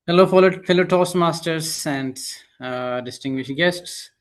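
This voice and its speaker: A man's voice: on the high side, measured pace. A man explaining his job as language evaluator at a club meeting, hesitant with frequent fillers.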